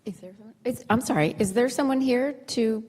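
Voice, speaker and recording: A woman's voice: fairly high pitch, brisk, husky. A woman at a council meeting speaking in a flustered, apologetic way. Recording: echoey chamber with loud noise.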